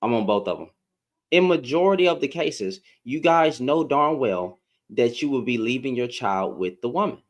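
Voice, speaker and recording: A man's voice: mid-range voice, lively intonation, moderate pace. A man speaking, hosting a livestream in a heated, confrontational, slangy rant. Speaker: live-stream host.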